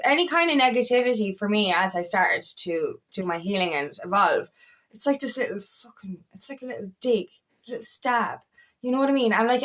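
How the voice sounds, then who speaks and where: A woman working as an empowerment coach, talking casually and frankly to camera, swearing freely and repeating phrases. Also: fairly high pitch. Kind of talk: casual spiritual vlog talk.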